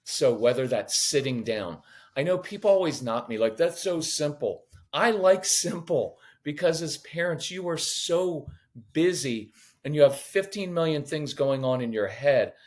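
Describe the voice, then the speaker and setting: A man giving parenting advice on a podcast, lively and animated. He swings his voice up and down as he acts out what parents say, and he slips in jokes as he goes. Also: on the high side, a little slow. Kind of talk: conversational teaching.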